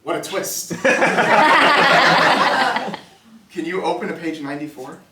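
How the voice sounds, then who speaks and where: Playful magician joking with a live crowd. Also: male voice, sits high, big pitch swings, slow pace, very noisy. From New Jersey. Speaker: magician and comedian. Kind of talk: live comedy magic show. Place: comedy club stage. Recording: roomy club sound from a distance.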